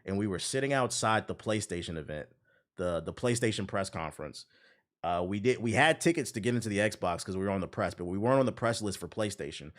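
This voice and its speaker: A man's voice: lowish voice, lively intonation, brisk. A man streaming a game while telling a long story in casual, slangy, profane speech. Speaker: gaming streamer.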